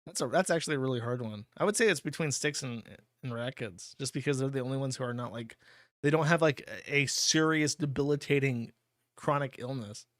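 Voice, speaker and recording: A man's voice: mid-range voice, brisk, no echo, studio quality. Crude offhand man hosting a stream. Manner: blunt, crude and offhand, laughs often. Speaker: livestream host reading donations. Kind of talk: casual streaming commentary.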